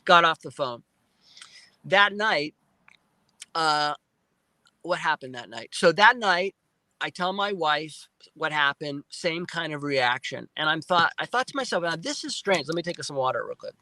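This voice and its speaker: A male guest on a live interview recounting a personal experience in animated storytelling, restarting and repeating words often and acting out his own remembered speech. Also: fairly high pitch, measured pace, no echo, low-quality recording. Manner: excited retelling with frequent restarts and repeated words; acts out his own past speech in quotes. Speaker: guest, film producer.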